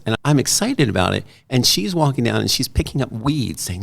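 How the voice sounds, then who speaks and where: A middle-aged man, an artist and author, talking casually as a guest and telling animated stories. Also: mid-range voice, normal speed, creaky. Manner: animated storyteller, quoting others in lively voices. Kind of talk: casual conversation.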